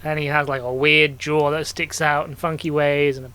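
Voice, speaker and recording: A man's voice: a little high, level tone, moderate pace, pushed and bright, clear, resonant tone. A man co-hosting a podcast in casual chat, enthusiastic and laughing often. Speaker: podcast co-host.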